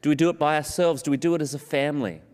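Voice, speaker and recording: A man preaching a sermon in an earnest way, slowing down on scripture and repeating key phrases for emphasis. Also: on the high side, darkish tone. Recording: long hall reverb.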